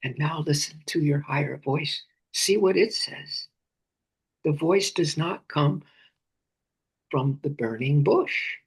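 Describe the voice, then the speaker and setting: A man leads a guided meditation in a slow, unhurried voice with a gravelly, very husky texture. He often sinks into breathy whispers and softly repeats phrases and names. His pitch sits a little high for a man. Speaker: meditation teacher.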